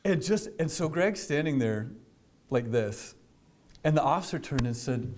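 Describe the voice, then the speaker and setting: A government official speaking to a business audience, telling a story in a conversational way, with many fillers and restarts. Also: male voice, on the high side, expressive, unhurried, a little mellow. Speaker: government official giving a speech.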